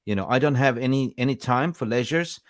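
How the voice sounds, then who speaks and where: A man's voice: mid-range voice, brisk, no echo, clean studio sound. A man hosting a casual football podcast, chatty and jokey, greeting viewers by name. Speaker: podcast host. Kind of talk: casual live-stream football chat.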